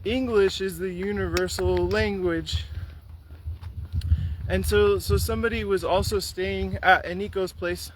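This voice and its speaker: Slow-talking man vlogging outdoors. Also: high-pitched, fairly even intonation, low-quality recording. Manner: rambling, with frequent restarts. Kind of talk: casual walking vlog. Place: outdoors on a riverside trail. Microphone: phone or camera carried while walking. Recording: loud outdoor noise, wind. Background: loud outdoor ambience and wind.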